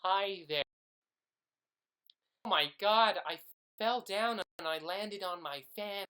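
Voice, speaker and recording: Brief: Englishman putting on a high, loud, whining American guy, indignant about his rights. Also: slow pace, full character voice. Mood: whiny.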